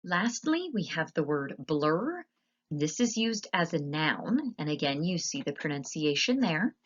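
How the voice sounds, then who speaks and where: A woman with a notably low voice talks through a slide lesson as a teacher. She explains patiently and spells words out slowly. The audio is a little dull and muffled. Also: sing-song.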